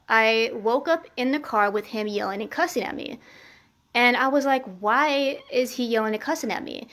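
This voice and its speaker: A woman's voice: a little high, a bit bright. A woman vlogger telling a personal story to camera in a candid, earnest way, often restarting sentences and swearing casually.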